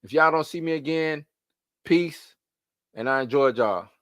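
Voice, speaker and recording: A man hosting a live stream, ranting in loose, slangy casual talk that repeats itself and swings between loud and soft. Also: a little high, measured pace, no echo, studio quality.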